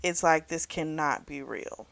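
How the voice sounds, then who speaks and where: A woman's voice: low-pitched, unhurried, vocal fry, fairly bright tone, no echo. A woman hosting a book club, casually recapping a story in a rambling, chatty way and often correcting herself. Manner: chatty, rambling, full of "like" and "you know"; self-correcting, loses track of names.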